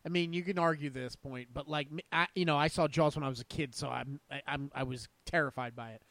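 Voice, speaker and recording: Higher-voiced man telling a halting story. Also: steady tone, a bit bright, no echo. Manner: hesitant, many restarts and "like"s. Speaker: podcast co-host. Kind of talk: casual anecdote-telling.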